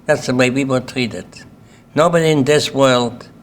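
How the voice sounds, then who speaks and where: An older man with a Lithuanian accent tells his life story to an audience at a symposium. He speaks plainly and keeps checking in with "okay?", in a middle-pitched voice. Faint background hiss runs under him. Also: a little slow. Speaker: Holocaust survivor speaker. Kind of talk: personal testimony talk. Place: symposium hall.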